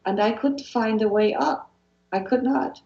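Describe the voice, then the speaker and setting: A woman's voice: a little high, unhurried, vocal fry, warm tone, roomy sound, dull audio. A woman from Switzerland with a Swiss accent, a guest hypnotherapist talking earnestly in an interview and often repeating phrases and restarting sentences. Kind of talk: motivational interview talk.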